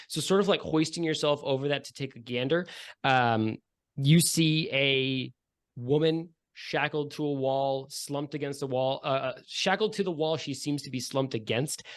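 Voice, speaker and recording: A man running a tabletop game as game master, describing scenes in a loose, rambling way full of fillers. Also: medium pitch.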